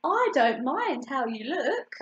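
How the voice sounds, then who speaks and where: A woman voicing a gentle, kind female swan, bright and warm in her exclamations. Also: high voice, sing-song, takes it slowly, reverberant, slight background noise, heavily acted. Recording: dull lo-fi recording.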